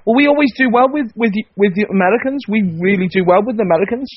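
A man's voice: sits high, animated, racing, highs cut off, slight background noise. A man from Liverpool with a Scouse accent, co-hosting a radio show with dry, wry humour. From Liverpool, England. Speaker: radio co-host. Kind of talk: casual radio banter.

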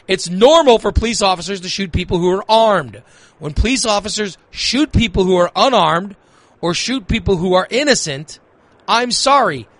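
A man's voice: sits high, a bit bright, no echo. A man hosting a talk radio show, ranting in a heated, emphatic way and repeating phrases for emphasis. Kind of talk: opinionated talk radio rant.

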